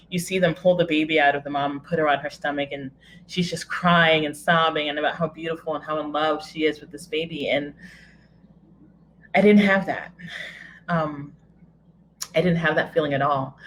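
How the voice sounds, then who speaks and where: A woman telling a personal story to an audience from home, candid and wry, with self-mocking humor and hesitant pauses. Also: deep voice, a little hiss or hum, poor audio.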